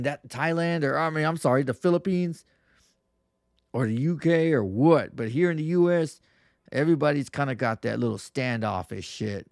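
A man's voice: on the high side, animated, normal speed, dry recording, studio quality. A man hosting a podcast, telling stories in a crude, rambling way with lots of profane slang. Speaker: podcast host. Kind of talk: casual podcast monologue.

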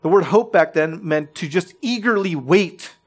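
Male preacher with a high voice, casual teaching sermon, keeps asking "right?" as he goes. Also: lively intonation, moderate pace. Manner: conversational teaching, frequent "right?" check-ins and restarts.

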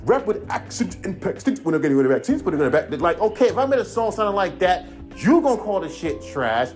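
With a high-pitched, very animated voice that's a bit mellow, this rapper and podcast host in his thirties rants quickly, heatedly and profanely in a rambling casual monologue. Soft music plays in the background.

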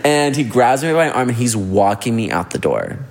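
A drunk storyteller at a mid-range pitch rambles on, filling each phrase with "like." They act out every line of the quoted dialogue in casual chat. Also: very animated, brisk, heavy background noise. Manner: rambling, heavy use of "like".

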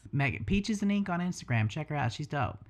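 A man's voice: fairly high pitch, big pitch swings, brisk. A man hosting a podcast in casual chat, joking and rambling with lots of swearing. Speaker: podcast host.

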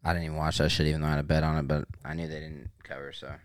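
A man's voice: very deep voice, flat delivery, rapid-fire, clean tone, no room sound. A man co-hosting a casual sports betting podcast, making dry offhand remarks. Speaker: podcast co-host.

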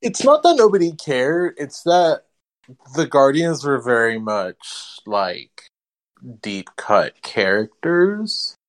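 A man co-hosting a podcast, chatting casually and telling animated stories, swearing now and then. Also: mid-range voice, slow. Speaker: podcast co-host.

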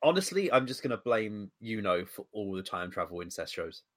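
A man chatting on a podcast, animated, teasing and swearing freely. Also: fairly low pitch, fairly quick, crowd noise. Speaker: podcast regular. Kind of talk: casual chat.

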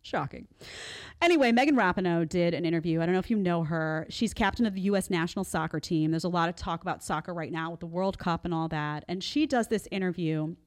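A woman hosting a live commentary show, sarcastic and animated, often mimicking others in mocking voices. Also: on the low side, quick pace. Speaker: host.

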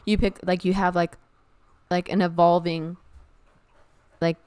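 A woman's voice: on the low side, level tone, unhurried, clean tone. Rambling young woman co-hosting a chatty podcast. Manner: rambling, says "like" and "dude" a lot, laughs loudly. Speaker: podcast co-host. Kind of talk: casual chat.

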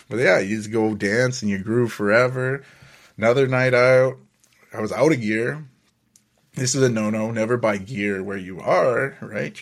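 Laid-back man hosting a podcast. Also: fairly low pitch. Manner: laid-back, chuckles often, swears casually. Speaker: podcast host. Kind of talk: casual solo podcast storytelling.

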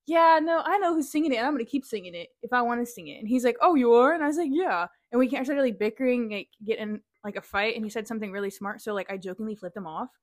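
Fast-talking young woman telling a story. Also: on the high side, no room sound, studio quality. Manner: animated, laughing storyteller, lots of "like". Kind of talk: casual storytelling chat.

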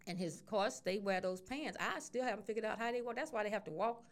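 Middle-aged woman, chatty radio storyteller, animated delivery. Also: mid-range voice, fast. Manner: animated storyteller, acts out quotes. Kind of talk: casual storytelling chat.

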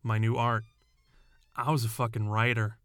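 A man's voice: medium pitch, flat delivery, moderate pace, a bit bright, no echo, soft background music. A man narrating his own story in a scripted, blunt and profane first-person telling.

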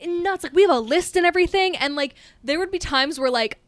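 A woman's voice: extremely high pitch, a little fast, dry recording, studio quality. A young woman co-hosting a podcast, chatting casually about a movie, swearing freely and acting out quotes. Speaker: podcast co-host.

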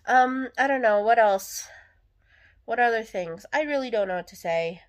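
A woman's voice: on the high side, expressive, normal speed. A young adult woman hosting a casual solo podcast, talking candidly in a rambling way with lots of fillers. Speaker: podcast host.

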